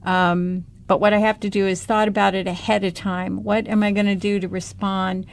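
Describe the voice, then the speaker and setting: Gravelly-voiced outspoken American woman. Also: medium pitch, level tone, normal speed, slight background noise. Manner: earnest and outspoken. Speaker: podcast co-host. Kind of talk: casual discussion.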